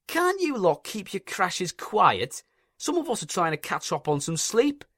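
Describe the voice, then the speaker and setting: A man's voice: high voice, huge pitch swings, measured pace, bright, forceful tone, no echo, clean studio sound, voice pushed up, exaggerated voice. A man voicing an irate, sleepy male signalman who moans and complains. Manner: moaning, complaining.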